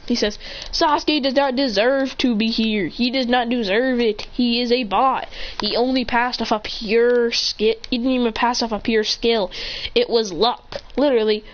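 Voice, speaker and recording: A woman improvising a fan story while gaming, rambling, correcting herself and getting excited as she jumps between characters' lines. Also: a little high, normal speed, slight background noise. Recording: dull lo-fi recording.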